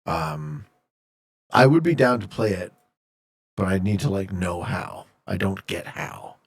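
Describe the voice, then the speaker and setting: A man's voice: low voice, big pitch swings, a little slow, creaky, breathy edge. A man streaming a game, casually reading viewer chat aloud and joking as he answers, from Canada. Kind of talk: casual live-stream chat while gaming.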